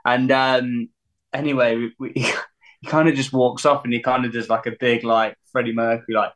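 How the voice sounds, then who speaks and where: Lively musician telling stories. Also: male voice, medium pitch, normal speed. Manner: animated, laughing storyteller who acts out quotes. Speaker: musician guest. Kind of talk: casual anecdote telling.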